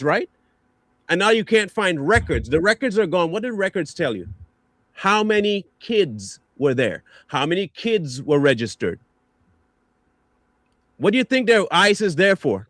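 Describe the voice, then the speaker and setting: High-voiced man ranting with insults. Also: a bit bright, no echo. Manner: insulting, mocking rant. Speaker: stream host. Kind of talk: angry reaction commentary.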